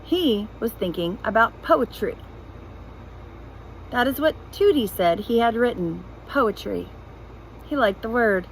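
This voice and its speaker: A woman reads a children's novel aloud, taking her time over each line. Her fairly high voice rises and falls with lively expression, and a faint hiss sits behind her. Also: a little slow, long pauses, rough recording. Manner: expressive, animated storytelling. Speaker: reader.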